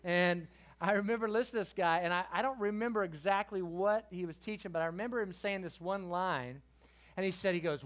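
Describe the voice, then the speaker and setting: Lively middle-aged male preacher. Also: high-pitched, fast. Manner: lively, swings from quiet to loud. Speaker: guest preacher. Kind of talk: youth sermon with storytelling. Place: church youth service.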